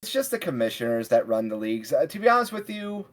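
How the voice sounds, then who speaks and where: A man's voice: medium pitch, very animated, quick pace. A man hosting a casual podcast, easygoing and rambling, circling back through his thoughts before landing a point. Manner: rambling, many fillers and restarts, easygoing. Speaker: podcast host.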